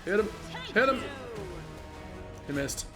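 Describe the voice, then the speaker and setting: A man streaming a game, giving excitable, joking commentary and laughing often. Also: high voice, slow pace, over loud music. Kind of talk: casual gameplay commentary.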